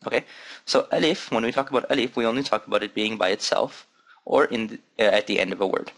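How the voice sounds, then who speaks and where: Brief: man, lowish voice, patient language teacher who drills each word aloud. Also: a bit bright. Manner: patient, repeats words slowly for drilling. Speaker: Arabic teacher. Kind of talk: recorded lesson.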